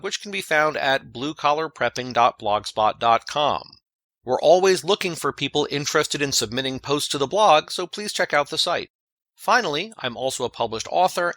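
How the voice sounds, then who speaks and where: A man presenting his own scripted podcast segment, reading it in a measured way. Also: mid-range voice, bright, forceful tone, no room sound. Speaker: segment contributor.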